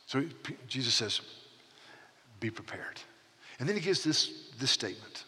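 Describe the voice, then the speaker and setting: Bright-voiced man in his 60s preaching. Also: mid-range voice, sing-song, normal speed, husky. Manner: earnest, emphatic preaching with frequent repeated words. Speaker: pastor. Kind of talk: sermon. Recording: long reverb of a large hall.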